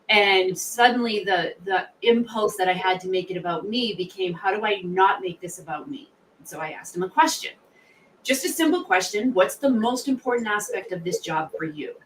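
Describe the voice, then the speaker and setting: A middle-aged woman, a guest on an interview podcast, telling stories in a lively, animated way and acting out what people said. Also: mid-range voice, brisk, distant mic, a little hiss or hum, poor audio. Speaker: guest, sales author and founder.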